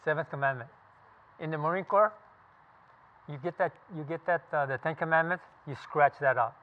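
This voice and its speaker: A California veteran in his seventies, with a slightly high voice at normal speed, recounts his story to a group of listeners. He's blunt, profane and emphatic, and the recording sounds tinny, like a phone.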